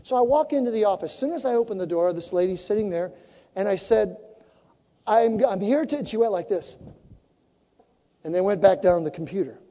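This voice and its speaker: A woman preaching a sermon as a story, animated and acting out the conversations she tells. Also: medium pitch, a little fast, long pauses, in a large hall.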